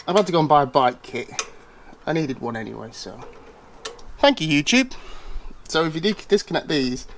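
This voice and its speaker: A British man talks through a casual how-to vlog, chatty and wry, tossing in jokey asides. His voice sits a little on the high side. A faint hum of ambient noise runs underneath. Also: very animated, normal speed, pauses often, fairly bright tone. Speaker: bike reviewer.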